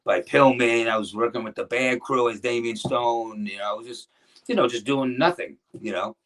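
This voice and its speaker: A middle-aged man tells old stories in a relaxed interview. He rambles and restarts his sentences, slipping into the voices of people he quotes. His pitch sits in an ordinary male middle range. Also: moderate pace. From New Jersey. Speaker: guest, former pro wrestler. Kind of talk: casual interview storytelling.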